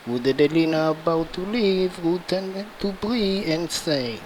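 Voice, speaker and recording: A man narrating a fan-made game story over footage, in a slow, plain retelling. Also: a little high, lively intonation, a little mellow, slight background noise, rough recording.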